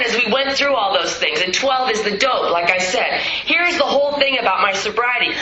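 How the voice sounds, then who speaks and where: A woman's voice: medium pitch, muffled recording, a little hiss or hum. Blunt, profane woman speaking in a roomy hall. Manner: raw, blunt and profane, swinging from loud to hushed. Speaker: recovery meeting speaker. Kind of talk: personal testimony talk. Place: meeting hall.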